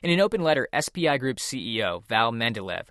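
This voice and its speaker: A man reporting a scripted radio news piece in a measured, even delivery. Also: medium pitch, no echo.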